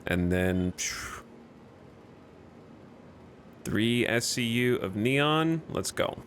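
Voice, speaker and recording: A man's voice: medium pitch, lively intonation, extremely slow, fairly bright tone, a little hiss or hum. A man streaming a video game, chatting casually with viewers in a rambling, jokey way and restarting his sentences often. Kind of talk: casual live-stream chat.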